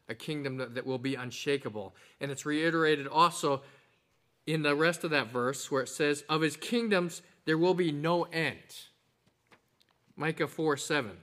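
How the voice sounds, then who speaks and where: A man preaching a sermon, animated, mixing scripture, a told joke and acted quotes. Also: mid-range voice. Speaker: pastor.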